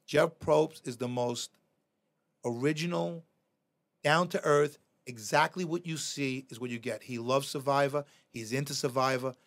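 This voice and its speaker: A middle-aged man, a podcast guest telling animated stories, swearing freely and acting out quoted lines. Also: mid-range voice, unhurried. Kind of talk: casual storytelling.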